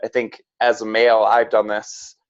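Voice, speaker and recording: A man's voice: fairly low pitch, monotone, moderate pace. A man speaking as a podcast guest, earnest and frank, with many "like"s and "right?"s. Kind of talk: casual reflective chat. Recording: slightly dull lo-fi sound.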